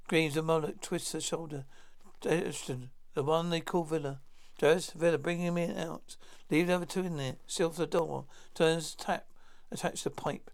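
A man's voice: on the high side, fairly even intonation, normal speed, few pauses. A man reading a science-fiction script aloud, naming each speaker before their line. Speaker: narrator reading all parts. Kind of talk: plain read-through of a script.

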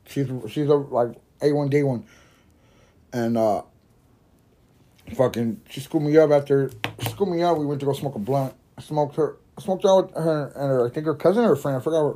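A man hosting a podcast, telling a rambling, swear-filled story while high and laughing at his own jokes. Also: brisk, warm tone. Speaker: podcast host. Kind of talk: casual storytelling monologue.

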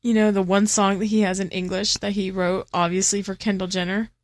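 A woman's voice: mid-range voice, little pitch movement, a little fast, dry recording, clean studio sound. A young woman co-hosting a casual podcast, bubbly and teasing, laughing often. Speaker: podcast co-host. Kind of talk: casual chat. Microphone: studio headset mic.

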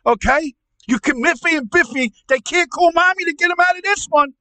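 A man playing a ranting, profane, angry middle-aged uncle on a comedy podcast, stammering and repeating himself as he yells. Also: very high voice, a little fast, no room sound, exaggerated voice, low-quality recording. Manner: yelling, profane, repetitive stammering rant.

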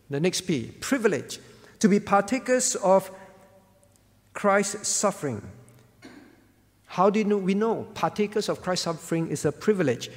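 A man's voice: high voice, long reverb tail. A male pastor preaching a sermon earnestly, often checking in with the congregation by asking "all right?".

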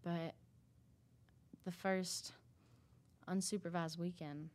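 A woman talks through a personal story, circling back with fillers and restarts. Her voice sits a little low. She tells it in an easy, conversational way. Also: fairly even intonation, a little mellow. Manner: halting, many fillers and restarts. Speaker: interview guest sharing a recovery story. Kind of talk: casual storytelling.

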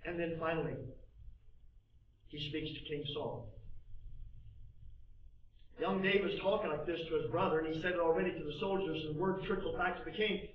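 A man preaching a sermon with passion, swinging between soft asides and loud, emphatic bursts. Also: fairly high pitch, moderate pace. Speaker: pastor. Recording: distant, echoey, dull sound.

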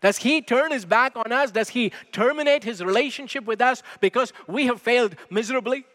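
A man preaching a sermon as pastor in a church, measured and emphatic, asking rhetorical questions. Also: very high voice, a bit bright, big-room sound. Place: church sanctuary.

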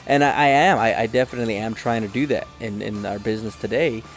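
A man tells a long, looping story about running jobs and firing a worker. He gets animated and acts out the other people's voices along the way. Faint music plays underneath him. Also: on the low side, quick pace. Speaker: business owner telling work stories. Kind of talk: casual storytelling monologue.

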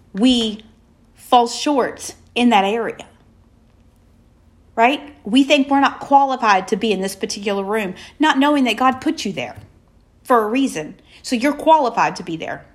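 A woman delivers a faith-based motivational message in a slightly high voice. She leans on emphatic, repeated affirmations and slows down with deliberate pauses to let each point land. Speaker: motivational speaker.

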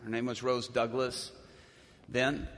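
A man preaching a sermon as a story, swinging from strong, ringing lines down to hushed, near-whispered ones. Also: medium pitch, little pitch movement, slow pace. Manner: dramatic, drops to a hushed near-whisper at emotional points. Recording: echoey hall.

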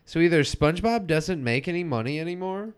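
A man's voice: a little high, expressive, smooth. A man co-hosting a casual podcast, recapping a cartoon episode and mimicking the characters' lines as he goes. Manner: retells scenes with quick mimicked lines. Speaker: podcast co-host.

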